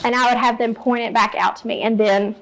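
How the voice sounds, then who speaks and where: Woman teacher, fairly high voice, practical how-to talk for peers. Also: steady tone, fairly quick, fairly bright tone, slight background noise, low-quality recording. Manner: practical, explains step by step and models read-alouds. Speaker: teacher presenting to fellow teachers.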